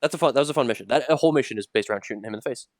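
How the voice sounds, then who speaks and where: A man's voice: medium pitch, racing, no echo, clean studio sound. A man hosting a casual gaming podcast, rambling with lots of fillers and restarts. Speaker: podcast host.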